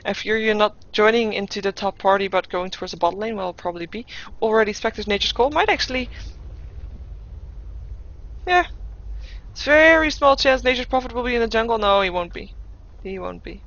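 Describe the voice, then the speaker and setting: A woman's voice: medium pitch, fairly quick, fairly bright tone. A woman giving live game commentary as caster, thinking aloud with playful asides and frequent restarts. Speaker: esports caster. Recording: dull lo-fi recording.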